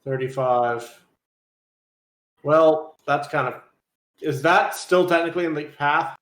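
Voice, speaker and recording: Guy with a kinda high voice playing a tabletop game, thinking out loud, echoey room. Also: takes it slowly. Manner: hesitant, thinks aloud. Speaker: player. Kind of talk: casual tabletop gaming chat.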